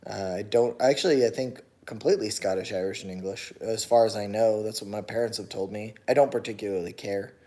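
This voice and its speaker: A man's voice: on the low side, brisk, hardly any pauses, mellow. A man hosting a casual livestream, reading viewer comments aloud and answering them offhand, with chuckles, and turning argumentative when challenged. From United States.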